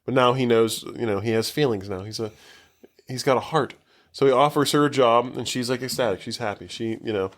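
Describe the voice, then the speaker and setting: A man on a podcast walking through a movie's plot in a loose, rambling way. He swears freely and fills his sentences with "like" as he goes. His voice sits at an ordinary, middle pitch. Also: brisk. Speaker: podcast co-host. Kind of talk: casual movie recap chat.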